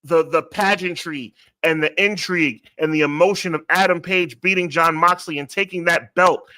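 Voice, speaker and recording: A man hosting a wrestling podcast, giving emphatic opinions and slowing down to stress key points. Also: fairly high pitch, steady tone, pushed and bright, no echo. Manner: emphatic, deliberate, stretches words for emphasis. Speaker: podcast host. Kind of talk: casual podcast review.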